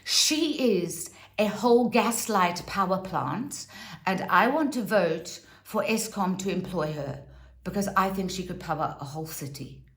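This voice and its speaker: A woman's voice: medium pitch, echoey room. A woman giving a casual, sarcastic and theatrical review of a reality TV show.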